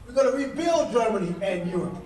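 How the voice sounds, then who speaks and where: A guest speaker at a political dinner, this man has an unusually high, darkish voice with big pitch swings, and he talks fast. He pounds home his fiery political points with emphatic, repetitive rhetorical questions in a preacher-like cadence. Recorded far from the mic, his voice rings around an echoey banquet hall over faint background sound.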